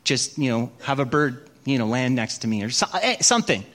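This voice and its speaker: A man's voice: medium pitch, sing-song, a little fast, fairly bright tone. A middle-aged man preaching a sermon, telling stories and acting out his own prayers with self-mocking humour. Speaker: pastor. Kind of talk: sermon with storytelling.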